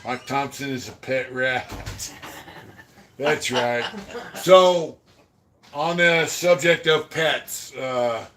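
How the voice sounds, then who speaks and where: Male podcast host, mid-pitched, swears freely, rambling prison yarns that trail off quietly. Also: extremely slow, long pauses, a little hiss or hum. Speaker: podcast host reading super chats. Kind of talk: casual storytelling about prison life.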